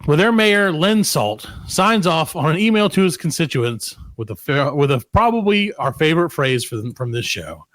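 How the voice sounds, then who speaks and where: Male comedy podcast host, slightly high voice, dry close mic, rambling and profane. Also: sing-song, normal speed, few pauses, fairly bright tone, no echo. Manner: rambling, profane, reads news aloud with asides. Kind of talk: casual comedy podcast banter.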